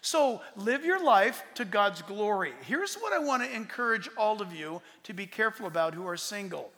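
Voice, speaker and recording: A man in his sixties, a pastor answering audience questions in an emphatic, rambling way that swings between loud and soft. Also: sits high, sing-song, moderate pace. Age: 60s. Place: large hall with audience. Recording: long hall reverb.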